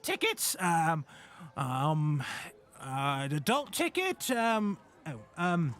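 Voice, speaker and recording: A half-blind elderly goblin at a ticket booth, as a man puts him on, flustered and stammering over every sum. His voice sits high and swoops about. It rings bright. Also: very animated, full character voice. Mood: fussy. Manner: halting, flustered, many ums.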